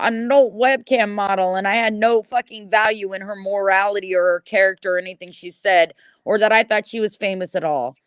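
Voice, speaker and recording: A woman's voice: medium pitch, dry recording, highs cut off. A middle-aged woman rants on her livestream, swearing constantly and hammering the same words over and over. Her voice sits in an ordinary middle register. The sound is dry and close, as if spoken right into a desk mic. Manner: profane, repetitive, combative. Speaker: livestream host. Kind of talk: angry ranting livestream chat.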